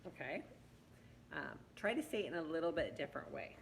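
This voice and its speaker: Low, gravelly-voiced woman teaching reading. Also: animated, fairly quick, slight background noise, low-quality recording. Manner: patient, encouraging, coaxing. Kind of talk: one-on-one reading lesson.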